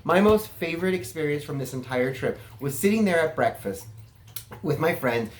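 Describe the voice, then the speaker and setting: A man's voice: fairly high pitch, animated, moderate pace, slight background noise. A man from California giving a casual, self-assured vlog monologue, chatty and flamboyant in manner. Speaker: political vlogger.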